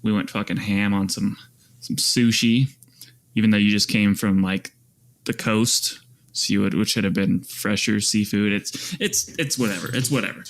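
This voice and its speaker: Man, low voice, podcast co-host, casual rambling chat, slangy. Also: steady tone, moderate pace. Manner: laid-back, rambling, fillers and slang.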